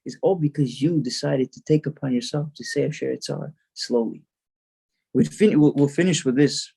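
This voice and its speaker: A man's voice: on the high side, normal speed, gravelly, mellow, slightly rough. A male rabbi giving a storytelling sermon, earnest, repeating words as he builds the story.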